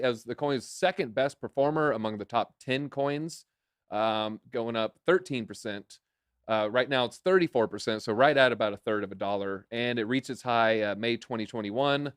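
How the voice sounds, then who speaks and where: A man's voice: medium pitch, fairly bright tone, no room sound, studio quality. A man co-hosting a crypto live stream, chatting casually with jokes and self-deprecating asides. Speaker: crypto show co-host.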